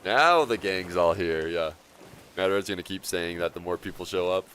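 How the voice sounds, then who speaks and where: A relaxed man chats through his gaming livestream in a low, deep voice. He rambles easily from one thought to the next and chuckles often. A faint hum of noise sits behind him. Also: moderate pace. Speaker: game streamer. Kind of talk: casual livestream commentary.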